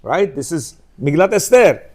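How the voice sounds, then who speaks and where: A man's voice: fairly high pitch, very animated, moderate pace, a little mellow. A middle-aged man from Uzbekistan with a Bukharian Jewish accent, giving an informal religious class and firing rhetorical questions at his listeners. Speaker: Torah class teacher.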